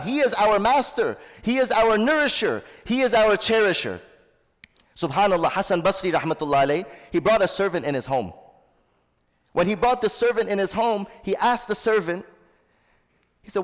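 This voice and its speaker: A man's voice: sits high, animated, a little fast. A man giving a sermon as an Islamic teacher. He recites Arabic and translates it line by line, and he calls his listeners brothers and sisters. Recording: long hall reverb.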